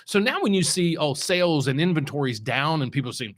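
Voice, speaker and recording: A man's voice: a little high, lively intonation, brisk. A middle-aged man from West Virginia, a mortgage loan officer hosting his show, talking in a loose, rambling way with many restarts and heavy stress on key words. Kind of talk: casual unscripted market commentary.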